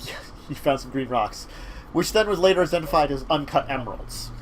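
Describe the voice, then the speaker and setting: Slightly high and expressive, this man's voice carries a casual talk show as he rambles through a game master's recap of games. His speech is halting, packed with fillers and restarts, against a bit of background noise.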